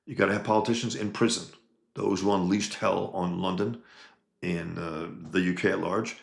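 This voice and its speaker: Reading chat on a casual livestream, a man speaks at a moderate pace in a low, creaky voice, and the room echoes around him. His delivery is emphatic and meandering, full of restarts.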